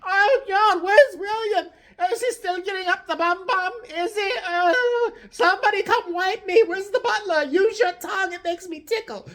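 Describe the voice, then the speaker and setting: A woman voicing a frail, senile, very old queen who wails in a high, tearful quaver. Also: normal speed, hardly any pauses, a bit bright. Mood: wailing.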